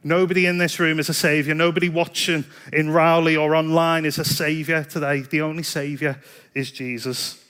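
A man's voice: fairly high pitch, flat delivery, normal speed, fairly bright tone, smooth. A man preaching a sermon in a chatty, self-deprecating storytelling way. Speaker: pastor.

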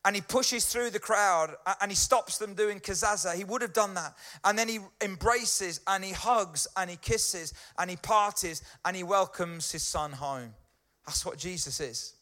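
A man preaching a friendly, chatty sermon in a fairly high voice, pausing to check in with his listeners. His tone is bright and forward. He sounds middle-aged. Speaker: pastor. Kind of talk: conversational sermon.

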